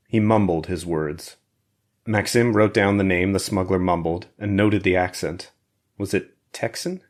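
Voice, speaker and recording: A man reading an audiobook thriller in a steady, measured narration. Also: sits low.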